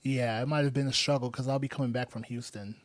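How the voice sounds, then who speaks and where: Podcast co-host, male, mid-pitch, easygoing and teasing, dry sound. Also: steady tone, quick pace, no echo. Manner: laid-back, teasing, with fillers. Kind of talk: casual chat.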